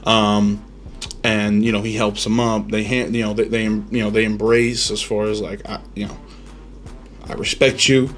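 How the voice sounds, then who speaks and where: A man's voice: fairly low pitch, completely flat delivery, normal speed. A man hosting a podcast, giving rambling, opinionated reactions in casual chat, full of ums and restarts. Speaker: podcast host.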